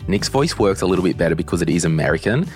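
A man's voice: deep voice, lively intonation, rapid-fire, a little mellow, soft background music. A man hosting a podcast in a casual, chatty way, ranting bluntly at times. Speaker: podcast host.

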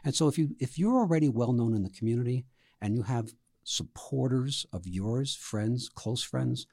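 A man being interviewed about campaigns, explaining with lively anecdotes and voicing the people in them. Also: medium pitch, moderate pace, creaky, no echo, studio quality. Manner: storytelling, animated anecdotes with voiced quotes. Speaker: interview guest, campaign trainer. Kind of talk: conversational interview.

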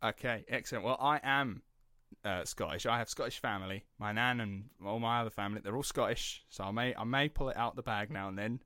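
A man co-hosting a podcast, chatting casually and excitably, with rambling restarts. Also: fairly low pitch, brisk, no echo, studio quality. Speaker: podcast co-host. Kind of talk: casual chat.

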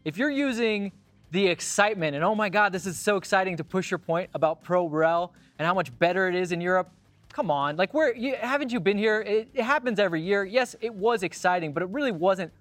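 A man with a high voice rants quickly and with exasperation as a podcast co-host. Faint music sits behind him. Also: animated, fairly bright tone, no room sound. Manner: ranting, exasperated. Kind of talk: casual studio podcast chat.

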